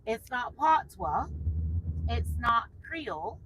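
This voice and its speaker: A woman's voice: fairly high pitch, very animated, takes it slowly, background noise. Chatty Bajan woman giving a tour. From Barbados. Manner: chatty, laughing storyteller. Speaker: tour guide. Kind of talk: casual tour chat.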